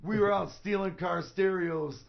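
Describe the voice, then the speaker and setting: A man's voice: sits high, moderate pace, vocal fry. A man telling old stories with friends in a casual, profane, laughing way. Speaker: radio show host. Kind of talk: casual storytelling among friends. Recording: dull lo-fi radio recording.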